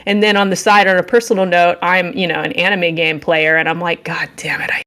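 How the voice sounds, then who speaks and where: A woman's voice: fairly low pitch, level tone, fast, sharp tone. A young woman co-hosting a podcast, recapping a video game in a playful, sarcastic way and acting out the dialogue. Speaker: podcast co-host reviewing games. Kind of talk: casual comedic game recap.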